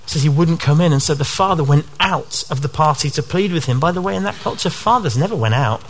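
A man's voice: a little high, animated, quick pace. A male preacher giving a sermon to his church in an earnest way, often posing rhetorical questions.

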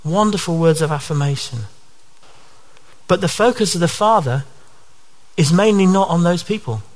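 A man's voice: a little high, lively intonation, normal speed. A male preacher giving a sermon to his church in an earnest way, often posing rhetorical questions.

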